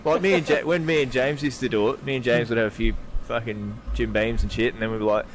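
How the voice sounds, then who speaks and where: A man's voice: medium pitch, fairly even intonation, fast, slight background noise. A man with an Australian accent telling drinking stories on a podcast, swearing often and laughing through them. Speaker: podcast co-host. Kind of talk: casual storytelling chat.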